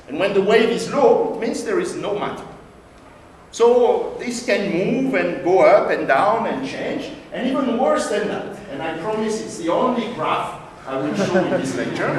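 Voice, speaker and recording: Man, high lively voice, playful science lecture, echoey hall, distant mic, faint hiss. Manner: animated, playful, gestures with props.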